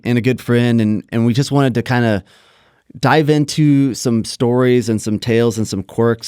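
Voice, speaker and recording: A man's voice: mid-range voice, a little mellow, clean tone, dry recording, clean studio sound. A man co-hosting a podcast, asking questions in a joking, easygoing chat. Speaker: podcast co-host. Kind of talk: casual interview chat.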